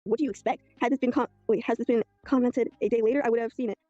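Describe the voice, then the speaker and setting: Rapid rambling storyteller, muffled clip. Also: medium pitch, steady tone, dark tone, dry recording, faint music behind. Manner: rambling, quoting messages aloud. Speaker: video creator telling a story. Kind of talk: casual storytelling recap.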